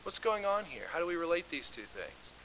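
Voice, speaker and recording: A man's voice: fairly high pitch, very animated, fairly quick, pushed and bright, a little hiss or hum, rough recording. A man leading an interactive Bible study who talks conversationally, puts questions to the group and reads scripture aloud with emphasis.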